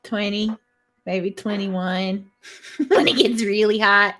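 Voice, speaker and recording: A woman's voice: medium pitch, fairly even intonation, slow, a bit bright, slight background noise. A woman co-hosting a casual chat show, laughing often as she talks. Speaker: co-host. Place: lives in Ireland.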